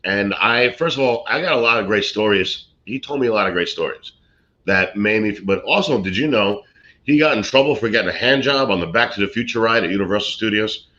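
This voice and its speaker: A man's voice: on the low side, fairly quick, bright, forceful tone. A man, an actor and comedian from Brooklyn, telling rambling showbiz stories in casual chat with many fillers and restarts. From Brooklyn, USA. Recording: dull lo-fi sound.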